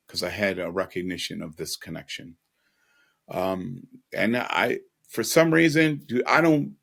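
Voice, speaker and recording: A man telling an earnest, emotional personal story as a podcast guest, with casual asides. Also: fairly low pitch.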